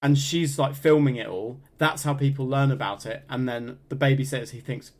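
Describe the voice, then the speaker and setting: A man's voice: mid-range voice, fairly even intonation, normal speed, a little mellow. Northern english guy on a podcast, goofing around, lots of stop-start restarts. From northern England. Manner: jokey, riffing, trailing restarts. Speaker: podcast co-host. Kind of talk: casual comedic chat.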